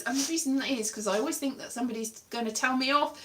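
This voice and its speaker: A woman's voice: sits high, very fast, a bit bright, far from the mic. A woman in her twenties chatting casually and self-mockingly on a livestream, laughing often. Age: 20s. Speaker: livestream host.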